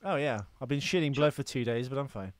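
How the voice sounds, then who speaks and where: A man's voice: medium pitch, fast, no echo. A man co-hosting a podcast, chatting casually with crude jokes. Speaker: podcast co-host. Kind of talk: casual banter.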